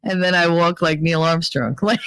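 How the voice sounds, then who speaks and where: Speaking at a normal speed with a lowish, clean tone, a woman hosts a podcast and tells stories in a casual monologue. She is chatty and animated, swears freely, laughs, and squeals when acting out quotes, all in a dry recording.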